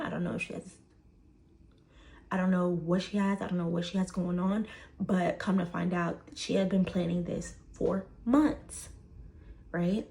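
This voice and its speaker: A woman's voice: fairly low pitch, fairly even intonation, moderate pace, vocal fry, mellow. A woman, casually telling a personal story full of fillers and "right?". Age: 20s.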